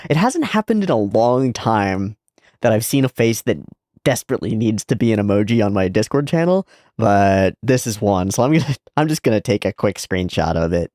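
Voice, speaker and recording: A man's voice: lowish voice, very animated, normal speed, darkish tone, no echo, studio quality. A man hosting an anime reaction, chatting casually and swearing now and then.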